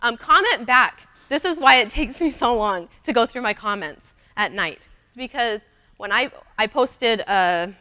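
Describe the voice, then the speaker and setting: A woman's voice: a little high, animated, unhurried, pushed and bright. A young woman giving a chatty, upbeat conference talk, speaking straight to the audience. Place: conference room.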